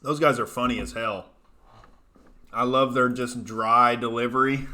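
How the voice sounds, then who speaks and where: A man's voice: medium pitch, steady tone, measured pace, long pauses, pushed and bright. A man in his thirties hosting a comedy livestream, ranting loosely, swearing and reading out chat messages. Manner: profane, ranting, loose and jokey. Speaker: comedian host.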